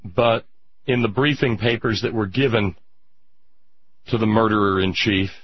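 A man delivering an impassioned political monologue as a radio commentator, indignant, with drawn-out emphatic pauses. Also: fairly low pitch, steady tone, husky, muffled recording.

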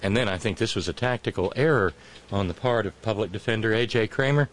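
A man's voice: lowish voice, fast talker. A man hosting a talk show, giving sarcastic, mocking political commentary with profane asides.

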